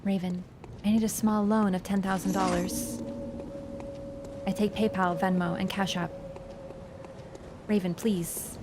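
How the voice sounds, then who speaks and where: A woman voicing a calm woman radio handler in a slow, hushed way with long pauses. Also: medium pitch, background noise, natural voice. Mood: soft pleading.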